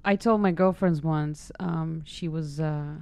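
Gravelly-voiced woman telling stories. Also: sits low, a little slow, no room sound. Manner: lively storyteller, acts out quoted voices. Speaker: guest. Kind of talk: casual chat.

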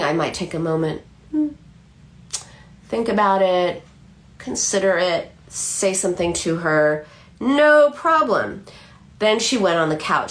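Brief: middle-aged female psychoanalyst, animated storyteller, restarts sentences, lively pitch. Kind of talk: explanatory talk.

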